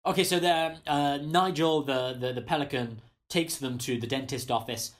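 A man's voice: medium pitch, normal speed. A man co-hosting a casual film chat, agreeable and recapping the plot steadily. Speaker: podcast co-host.

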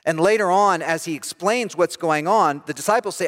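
A middle-aged man pastor preaching a sermon, telling a self-deprecating story with lively, animated delivery. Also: on the high side, brisk, hardly any pauses, big-room sound. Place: church sanctuary.

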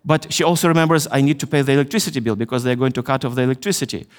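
A middle-aged man from Ukraine with a Ukrainian accent, telling a story in a chapel sermon with earnest pauses and hesitations. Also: mid-range voice. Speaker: chapel speaker. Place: university chapel. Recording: long hall reverb.

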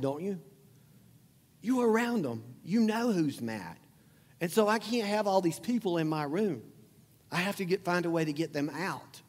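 A man's voice: a little high, in a large hall. A middle-aged man preaching a sermon as a pastor, chatty and joking, often asking the crowd questions. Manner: conversational preaching, asks the crowd questions, jokes.

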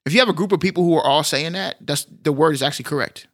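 Bright-voiced Texan man chatting. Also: a little high, very fast. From Texas. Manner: animated, joking, slangy. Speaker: podcast co-host. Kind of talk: casual chat.

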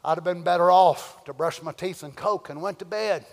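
An older man preaching a sermon, swinging between loud shouting and quiet storytelling. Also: high-pitched, moderate pace, vocal fry, in a large hall. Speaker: pastor.

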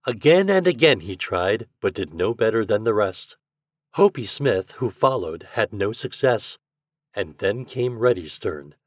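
A man with a lowish voice speaks a little slowly in a clean studio recording with no echo. He's a podcast host reading a children's story aloud, expressively acting out each character.

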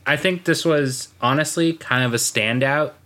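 A podcast co-host chats casually, rambling along and laughing at his own jokes. His mid-range voice sounds pushed and bright, moving at normal speed.

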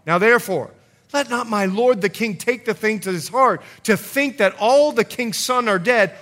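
Middle-aged guy pastor preaching, kinda high voice, acts out the characters. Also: normal speed. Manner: animated storytelling, acting out quoted voices. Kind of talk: sermon.

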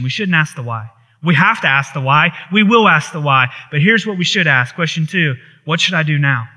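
A man delivering a sermon in a high, bright voice. He preaches with passion, repeating phrases as he builds intensity. His delivery is earnest and pastoral. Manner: impassioned preaching with rising intensity and repetition.

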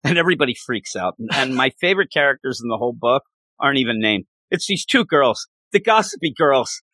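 A man hosts a relaxed chat about a book, animated and acting out characters' lines as he goes. His voice is bright and forward. The sound is dry and close to the mic. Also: mid-range voice, a little fast, dry recording. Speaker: podcast host discussing a book. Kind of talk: casual chat.

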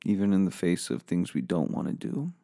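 A man's voice: low voice, sing-song, brisk, gravelly, dark tone, dry recording, clean studio sound. A man giving a profane comedic rant, weary and bitter, flaring into angry outbursts.

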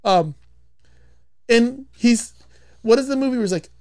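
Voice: mid-range voice, animated, a little slow, a little mellow, no room sound, studio quality. A podcast host casually retelling a movie's plot, rambling with frequent swearing.

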